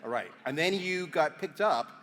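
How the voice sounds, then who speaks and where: A man in his fifties hosting an onstage interview, chatty and joking, with lots of quick yeahs. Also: fairly high pitch, animated, fairly bright tone, big-room sound. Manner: chatty, jokey, frequent yeahs. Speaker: event host. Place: large hall with audience.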